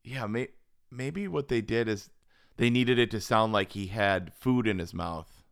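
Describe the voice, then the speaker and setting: Low-voiced guy, smooth and clean, easygoing podcast co-host, dry close sound. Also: measured pace, a bit bright, dry recording. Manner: easygoing, laughs easily. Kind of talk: casual chat.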